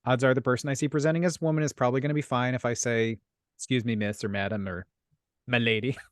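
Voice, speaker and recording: A man's voice: mid-range voice, fairly even intonation, racing, no echo, clean studio sound. A man co-hosting a podcast, talking in a casual, rambling way with frequent restarts and laughs. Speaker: podcast co-host. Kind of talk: casual chat.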